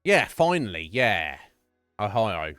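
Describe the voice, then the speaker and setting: A man streaming live and chatting casually with viewers, chatty and profane and quick to laugh, from a home setup. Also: lowish voice, big pitch swings, fairly bright tone, no echo, studio quality, faint music behind. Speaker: Twitch streamer.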